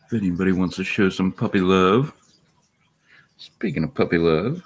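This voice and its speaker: A man's voice: deep voice, lively intonation, normal speed, breathy edge. A man streaming casually from home, chatting with viewers, laughing often and slipping into baby talk for his puppies. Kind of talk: casual live stream chat.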